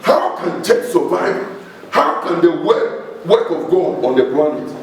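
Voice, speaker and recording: A man's voice: fairly high pitch, sing-song, a little slow, slight background noise. A man with a Ghanaian accent, a pastor preaching an emphatic sermon and calling out questions to his congregation. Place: church hall. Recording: echoey church hall, voice from far off the mic.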